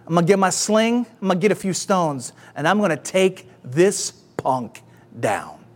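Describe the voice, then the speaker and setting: A man's voice: sits high, very animated, normal speed, big-room sound, pitched below the performer's own voice. A man preaching, voicing young David the shepherd as bold and incredulous. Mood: scoffing. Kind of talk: sermon.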